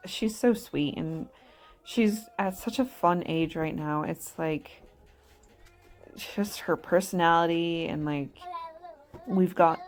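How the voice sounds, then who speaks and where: A woman's voice: sits low, darkish tone. A woman in her thirties, a mother chatting casually over her video, rambling and laughing often at herself. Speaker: mother vlogger.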